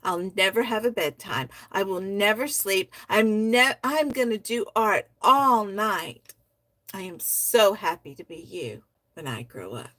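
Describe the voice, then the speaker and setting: A woman at a middle pitch reads poems at an unhurried, lingering pace, soft-spoken and heartfelt. Between pieces she chats warmly about the writing as a poetry stream host. The sound is dry and close, with no room around it. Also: animated, dry recording. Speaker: host of a poetry society livestream. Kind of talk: reading members' poems aloud and commenting.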